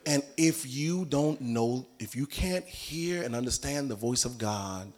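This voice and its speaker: A man preaching a sermon in a church, animated and humorous, often acting out voices. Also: mid-range voice, measured pace. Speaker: pastor. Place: church sanctuary.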